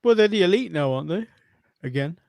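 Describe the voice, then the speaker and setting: A man's voice: high-pitched, animated, fast, creaky, darkish tone. A man with an English accent co-hosting a podcast, chatting casually with chuckles and hesitant restarts. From England. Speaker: podcast co-host. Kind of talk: casual watch-along chat.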